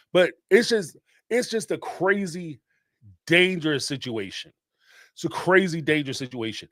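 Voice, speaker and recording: Brief: middle-aged male host, high-pitched, dry close mic, emphatic slangy commentary. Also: no room sound. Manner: animated and emphatic, street slang, repeats phrases for emphasis. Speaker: host of a live call-in show. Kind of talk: casual spoken commentary.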